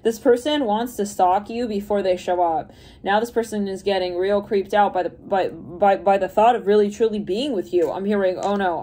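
A woman's voice: medium pitch, warm tone. A woman giving a casual, rambling intuitive card reading, thinking aloud and laughing often. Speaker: tarot reader.

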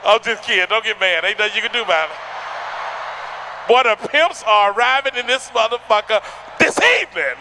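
On a theater stage, a man performs stand-up comedy, loud and rowdy, impersonating people with shouts and sound effects. His voice is high and fairly quick, with background noise in the clip.

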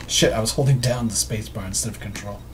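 A man's voice: fairly low pitch, fast, a little hiss or hum. Chatty man running a tabletop game. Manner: loose, laughing, chatty narration. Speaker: game master.

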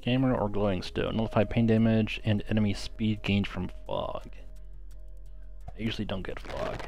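A man talks through a video game in a casual let's-play, reading out options and murmuring choices half to himself. His voice sits a bit low. Faint game music plays underneath. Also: fairly even intonation, normal speed, gravelly, darkish tone. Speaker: gaming commentator.

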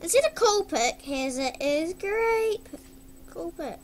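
A woman's voice: very high-pitched, lively intonation, slow pace, slight background noise. A woman vlogging casually at her computer, exclaiming, giggling and humming along, recorded through a webcam mic. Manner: giggly, exclaims often, hums and sings along.

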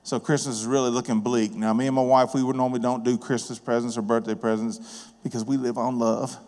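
Folksy preacher in a reverberant church. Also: male voice, medium pitch, little pitch movement, brisk, darkish tone. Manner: folksy, conversational, plain-spoken. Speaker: guest preacher and business owner. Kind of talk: sermon with personal storytelling. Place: church sanctuary. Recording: long reverb of a church hall.

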